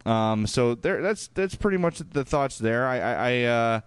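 A man's voice: mid-range voice, expressive, measured pace, smooth, dry recording. Chatty Chicago man reading listener emails. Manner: chatty, full of fillers and restarts. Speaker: podcast co-host.

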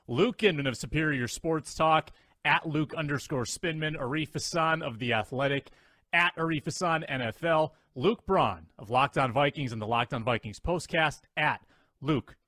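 A man hosting a sports talk podcast, keeping things moving with upbeat banter and plugs for the show. His voice sits a little high. It is recorded close and dry, with no room sound. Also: sharp tone, dry recording. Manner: upbeat, promo-style plugs and rapid banter. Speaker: podcast host.

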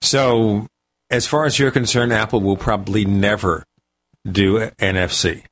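A man's voice: on the low side, steady tone, unhurried, a bit bright. A man hosting a tech radio talk show, chatty and joking with his guest. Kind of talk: casual radio chat.

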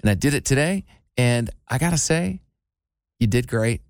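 A man's voice: medium pitch, animated, moderate pace, no room sound, clean studio sound. A man co-hosting a radio show, joking and self-deprecating in casual banter. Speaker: radio co-host.

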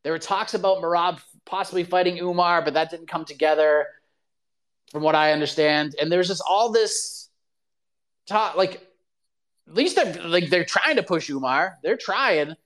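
A man hosting a live talk show, talking in a casual, animated and opinionated way. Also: high voice, moderate pace. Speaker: show host.

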